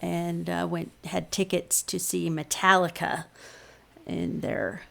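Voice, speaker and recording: A woman's voice: lowish voice, little pitch movement, slow, vocal fry, bright, forceful tone. A middle-aged woman co-hosting a podcast, recapping games in a meandering casual chat with many ums. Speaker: podcast co-host.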